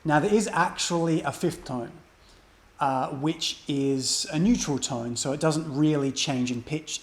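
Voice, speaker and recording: A man teaching a beginner language lesson, explaining step by step and saying example sounds aloud. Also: a little high. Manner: patient, demonstrates sounds aloud.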